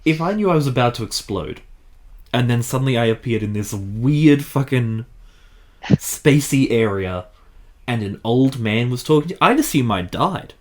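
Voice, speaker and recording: A man's voice: mid-range voice, animated, moderate pace, darkish tone, slight background noise. A young man co-hosting a casual podcast chat, with wry joking asides. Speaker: podcast co-host.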